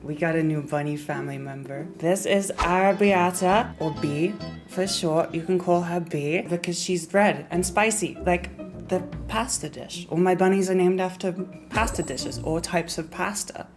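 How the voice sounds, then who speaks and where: A woman's voice: fairly low pitch, moderate pace, music in the background. A young woman vlogging at home in a casual, chatty way, full of fillers and little asides. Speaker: YouTuber. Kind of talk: casual vlog talk.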